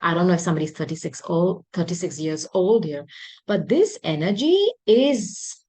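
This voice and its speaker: A woman reading tarot cards for her viewers, talking in an emphatic, intuitive way, often repeating words and clearing her throat. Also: lowish voice, expressive, moderate pace, dark tone, rough recording. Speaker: tarot reader.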